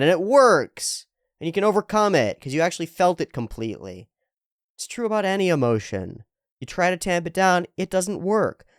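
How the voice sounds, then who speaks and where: Man reading and reacting casually. Lively, swinging pitch, dry close sound, emphatic and profane. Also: no echo. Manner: emphatic, swears freely, repeats points for stress. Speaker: manga reader and reactor.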